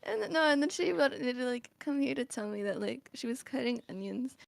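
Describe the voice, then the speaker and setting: A chatty woman co-streamer with a high voice, rambling emotionally with many fillers. Clear noise sits under her voice in the recording. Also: lively intonation, fairly quick. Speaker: co-streamer and voice acting partner. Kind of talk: casual chat.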